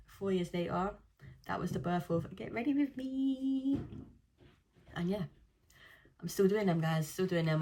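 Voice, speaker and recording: A woman's voice: on the low side, a little mellow. A woman, chatting casually as a vlogger and telling stories with slang. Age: 20s. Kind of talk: casual chat.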